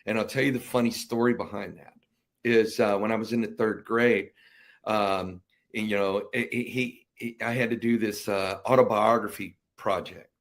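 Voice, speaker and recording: A man's voice: on the low side, fairly even intonation, moderate pace. A middle-aged man, a veteran guest on a podcast, telling stories animatedly and acting out family members' voices. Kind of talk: casual storytelling interview.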